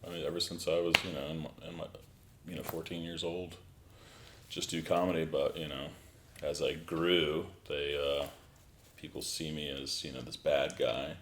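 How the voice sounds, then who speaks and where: A man with a very deep, low voice talks easily as a guest, leaning on filler phrases. There is a faint noise under his voice. The delivery is relaxed and conversational. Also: moderate pace. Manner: relaxed, many "you know" fillers. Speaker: actor guest. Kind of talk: casual interview chat.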